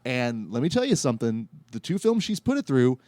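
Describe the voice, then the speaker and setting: Measured male podcast host. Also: medium pitch, very animated, darkish tone, no echo, clean studio sound. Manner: measured, asks guests questions. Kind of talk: casual film discussion.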